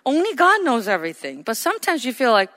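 A woman's voice: sits high, huge pitch swings, fast talker, fairly bright tone. A woman pastor preaching a sermon, emphatic, repeating her phrases and calling for amens. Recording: echoey hall with long reverb.

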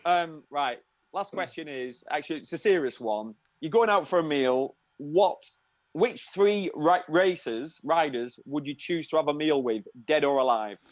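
A man's voice: a little high, unhurried, no echo. A man, hosting a casual interview in a jokey, teasing way. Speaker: host.

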